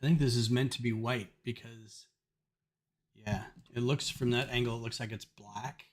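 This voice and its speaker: A man's voice: mid-range voice, steady tone, normal speed, faint music behind. A man chatting casually on a live stream while building a brick set, telling wry stories between build remarks.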